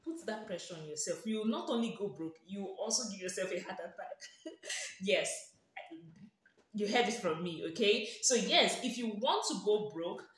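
A woman's voice: mid-range voice, animated, moderate pace, background noise. A woman with a Nigerian accent giving playful, sarcastic lifestyle advice in a vlog, teasing and often laughing. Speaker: lifestyle vlogger. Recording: very echoey room.

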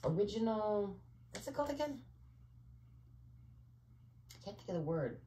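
A woman's voice: mid-range voice, big pitch swings, normal speed, mellow, roomy sound, slight background noise. A woman talking to camera in a rambling, digressive monologue, often searching for words and filling with "you know.". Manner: conspiratorial, speaks in asides. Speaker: vlogger.

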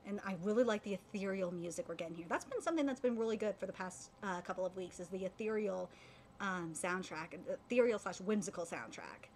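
A woman streaming a live anime reaction, gushing as an excitable fan with many fillers and restarts. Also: mid-range voice, fairly quick, slight background noise.

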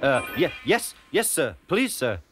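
A man's voice: mid-range voice, huge pitch swings, normal speed, over music. A man voicing a timid little male tank engine who stammers and keeps saying sir. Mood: nervous.

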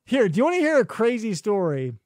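High-voiced man telling a story. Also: very animated, brisk, a little mellow, no echo. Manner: storytelling, dry mock-logical reasoning. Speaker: podcast co-host. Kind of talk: casual comedic chat.

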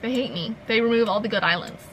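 A woman's voice: on the high side, quick pace, fairly bright tone, a little hiss or hum, poor audio. A young woman in casual gameplay commentary, chatty and sarcastic, swearing and laughing freely. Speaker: gaming channel host.

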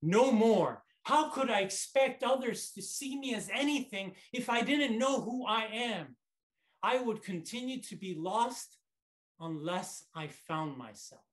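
A man giving a memorized contest speech as a reflective story, in short phrases with dramatic pauses. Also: high-pitched, lively intonation. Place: online conference.

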